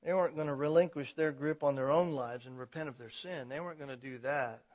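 Brief: male pastor, high and bright, emphatic sermon delivery, dull lo-fi recording. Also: fast. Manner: emphatic preaching, swells to loud passionate stretches.

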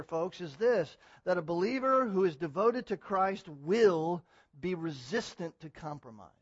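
High-voiced man preaching a sermon. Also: dry recording, lo-fi sound. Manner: swings from quiet teaching to loud emphatic exhortation; repetitive, emphatic preaching. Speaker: pastor.

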